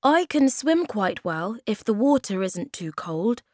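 A woman voicing a gentle, earnest young male troll in a storybook reading, with an eager, slightly raised voice. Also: mid-range voice, sing-song, a little slow, no room sound, studio quality, voice pushed up.

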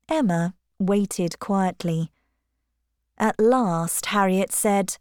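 A woman narrating a chapter of a novel in slow, clear scripted narration. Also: medium pitch, a little mellow, no echo, clean studio sound.

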